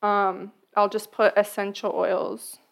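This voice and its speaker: A woman's voice: medium pitch, little pitch movement, slow pace, vocal fry. A young woman co-hosting a podcast in casual chat, talking freely and filling her sentences with "like". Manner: chatty, fills speech with "like". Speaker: podcast co-host.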